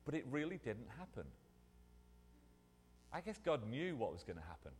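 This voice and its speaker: A man preaching a sermon in a lively, conversational way, often restarting his phrases. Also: mid-range voice, normal speed, a little hiss or hum. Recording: long hall reverb.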